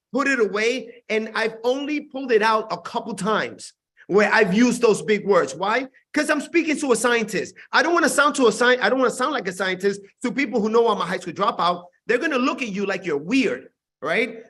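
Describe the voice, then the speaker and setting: Intense high-voiced man on a video call. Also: a bit bright. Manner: intense, repetitive, preachy. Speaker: network marketing team leader. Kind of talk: motivational talk on a video call.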